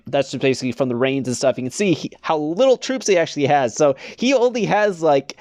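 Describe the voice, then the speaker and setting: A man's voice: a little high, a little mellow, smooth, no echo. A young man hosting a gaming channel, chatting casually over gameplay footage, rambling with lots of fillers and frequent chuckles. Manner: rambling, laughs often, many fillers.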